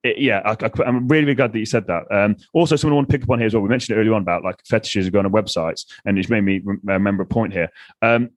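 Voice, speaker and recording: A man's voice: lowish voice, racing, no room sound. A man hosting a podcast in casual conversation, blunt and swearing freely. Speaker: podcast host.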